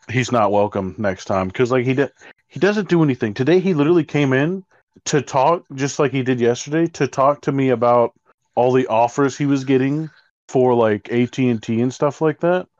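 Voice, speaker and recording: A co-host with a medium-pitched, darkish voice at normal speed tells a work story in casual chat, rambling, exasperated, and swearing freely. The recording is dry and slightly dull, with no echo.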